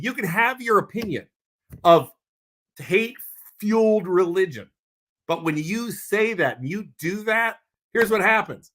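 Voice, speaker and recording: Man, podcast co-host, blunt heated rant, tense bright tone. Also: high-pitched. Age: adult with a wife. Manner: heated, blunt, repeats himself when worked up; calms down when making announcements.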